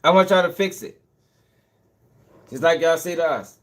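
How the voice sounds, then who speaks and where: On his own live stream, a young male host talks at a moderate pace in a slightly high voice. His rant is heated and casual, full of swearing, repetition and laughter between points.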